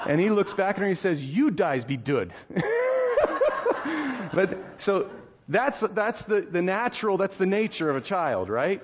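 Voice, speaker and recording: A man's voice: fairly high pitch, muffled recording, a little hiss or hum. A male pastor in his thirties preaching a sermon in a conversational, storytelling way, with rhetorical questions and laughs.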